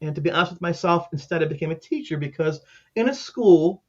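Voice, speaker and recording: A man's voice: fairly high pitch, lively intonation, a little fast, darkish tone. A man around sixty, a former caseworker and teacher, telling personal stories in an earnest, heartfelt way during an interview. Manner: earnest, heartfelt, acts out the people in his stories. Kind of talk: emotional personal storytelling. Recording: dull lo-fi sound.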